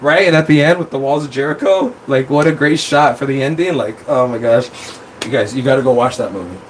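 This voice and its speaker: Rambling, swearing streamer on a phone. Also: male voice, medium pitch, a little fast, slight background noise, poor audio. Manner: rambling, profane, excitable. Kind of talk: casual livestream chat.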